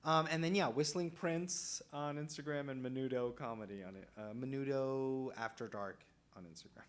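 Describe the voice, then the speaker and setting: A man's voice: medium pitch, moderate pace. A young man from Los Angeles, a guest improviser chatting casually and laughing easily. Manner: laid-back, laughs easily. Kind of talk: casual chat.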